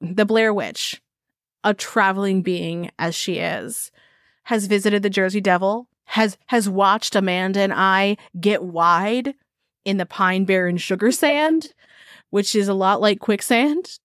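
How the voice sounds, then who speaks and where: A woman's voice: mid-range voice, a little slow, fairly bright tone, no echo. Woman podcast co-host, laughs a lot, playful riffing, dry sound. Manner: giggly, playful, rambling. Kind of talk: casual chat.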